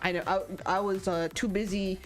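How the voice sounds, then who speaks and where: A woman's voice: medium pitch, little pitch movement, normal speed, over music. A young adult woman streaming live as she draws, chatting casually in a rambling, profane, filler-heavy way. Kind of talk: casual livestream chat while drawing.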